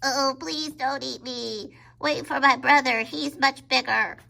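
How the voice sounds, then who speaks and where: A tiny, timid billy goat pleads in a high, bright, bleating voice with a crackly wobble, drawn out slowly, as a woman puts him on for children. He sounds small and eager to please. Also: steady tone, creaky, full character voice. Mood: pleading. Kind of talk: storybook read-aloud for children.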